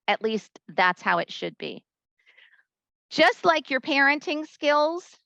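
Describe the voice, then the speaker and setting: A woman presenting a conference talk to teachers, a lively storyteller who acts out the voices she quotes. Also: mid-range voice, creaky, clear, resonant tone, no room sound, muffled recording.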